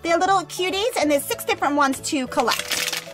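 Bubbly high-voiced woman unboxing toys. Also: brisk, over music. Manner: bubbly, gushing, excited exclamations. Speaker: toy unboxing host. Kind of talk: upbeat toy unboxing narration.

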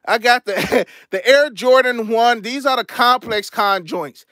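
Young man, high pitch, dry close sound, casual slangy livestream host. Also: measured pace, no echo. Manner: laid-back slangy chatter, shouting out donors. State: out of breath. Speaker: sneaker channel host. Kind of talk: casual livestream show-and-tell.

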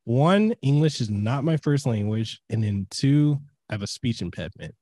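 A man's voice: mid-range voice, expressive, normal speed, warm tone, breathy edge. A man whose first language is Samoan, hosting a podcast in casual chat, with a stutter and frequent laughs. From Hawaii. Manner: stutters and stammers, laughs often. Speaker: podcast host.

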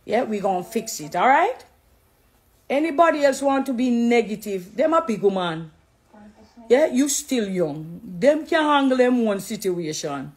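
Jamaican woman, middle-aged, patois-mixed, affectionate, slightly high-pitched, soft music behind. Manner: animated, preachy, affectionate, mixing patois. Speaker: dancehall artist. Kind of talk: casual direct-to-camera talk.

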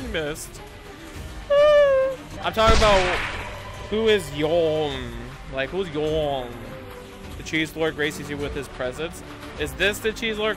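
A live streamer talking through a horror game on a headset mic, swearing freely and shrieking when startled. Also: medium pitch. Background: game music.

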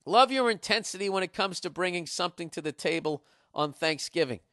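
A man's voice: high voice, lively intonation, fairly quick, hardly any pauses, pushed and bright, no room sound, studio quality. A man in his forties with a Boston accent, hosting a casual solo podcast and ranting in a profane, mock-aggressive, bragging way. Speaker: podcast host. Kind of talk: casual solo podcast rant reading listener email.

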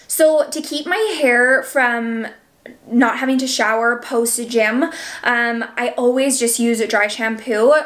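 A young woman with a slightly high voice talks a camera through her hair routine at home, in a loose, chatty way with many fillers. She sounds a little out of breath as she goes. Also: fairly bright tone. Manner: chatty, filler-heavy with frequent "like" and "um". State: out of breath, seven months pregnant. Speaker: beauty vlogger. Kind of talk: casual hair tutorial talk to camera.

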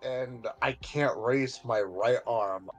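A man chats casually and answers in a dry, matter-of-fact tone. Soft music plays quietly beneath his voice. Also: medium pitch, slow. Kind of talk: casual chat.

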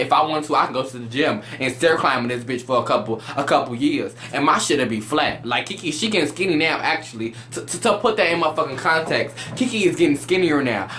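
A reviewer giving a brash, profane, sassy casual recap of a reality show, swinging between high shrieks and low mutters. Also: fairly bright tone, slight background noise.

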